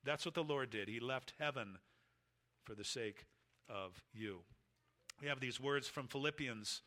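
A man preaching an expository sermon, emphatic, rising loud and dropping quiet as he acts out the disciples' thoughts and quotes scripture. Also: medium pitch, a little slow. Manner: emphatic, swings between loud rises and quiet drops.

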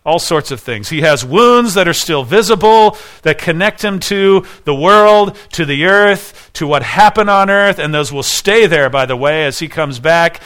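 Homem pregando com voz clara e aguda. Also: male voice, fairly high pitch, expressive, a little slow, hardly any pauses, a bit bright. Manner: earnest preaching with rhetorical questions. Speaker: pastor. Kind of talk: sermon.

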